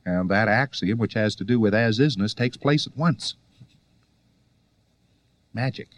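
A man's voice: lowish voice, a little slow. A man giving a conversational lecture to students, full of rhetorical questions and wry asides.

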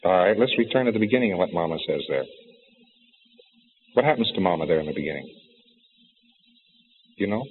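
Low man giving coaxing prompts on old tape. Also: lively intonation, fairly quick, pauses often. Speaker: therapist guiding a session. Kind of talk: guided regression session. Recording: tinny old archival tape with reverb and hiss.

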